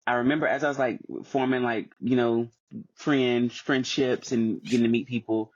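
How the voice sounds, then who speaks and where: Husky-voiced man, reflective co-host. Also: medium pitch, level tone, normal speed, dry recording. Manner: affirming, reflective, thinking aloud. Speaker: podcast co-host. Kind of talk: casual chat. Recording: dull, dry, lo-fi.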